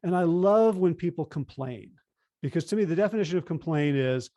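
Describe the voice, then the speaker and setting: A man's voice: on the high side, animated, fairly quick, dark tone, no echo, studio quality. A man speaking as an interview guest and author, explaining ideas animatedly and acting out quoted dialogue in a conversational way.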